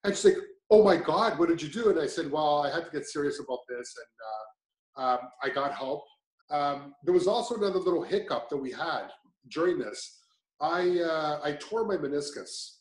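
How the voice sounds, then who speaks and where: A man's voice: a little high, animated, moderate pace. Man telling his story in an echoey room. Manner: rambling, many restarts and fillers. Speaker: client giving a testimonial. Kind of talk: casual testimonial chat.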